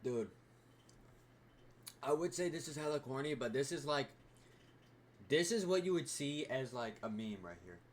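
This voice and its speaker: A man's voice: mid-range voice, lively intonation, moderate pace, pauses often, a little hiss or hum. A young man hosting a reaction video, rambling in casual commentary with constant fillers and swearing.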